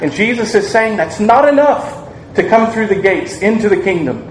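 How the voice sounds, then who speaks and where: A man preaching a sermon, earnest and measured, asking the congregation rhetorical questions and acting out quoted lines. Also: high voice, expressive. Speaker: pastor. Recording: echoey room, faint ambient noise.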